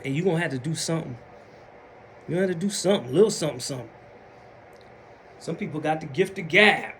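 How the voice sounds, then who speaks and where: A man's voice: on the high side, quick pace, a bit bright, a little hiss or hum. A man with a Southern US accent talking casually in a motivational vlog, acting out other people's mumbled excuses. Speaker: vlogger.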